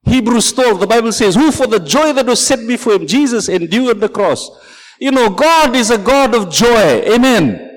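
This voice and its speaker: High-voiced male preacher, lively. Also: normal speed, long reverb tail, rough recording. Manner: preaching with calls of "Amen" and "Praise the Lord", storytelling. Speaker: pastor. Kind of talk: sermon.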